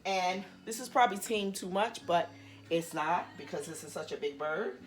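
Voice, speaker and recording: A woman's voice: fairly low pitch, expressive, normal speed, soft background music. Chatty woman cooking in an echoey kitchen. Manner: chatty and playful, talking straight to viewers with laughing asides. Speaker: home cooking vlogger. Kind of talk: casual cooking demonstration. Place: home kitchen.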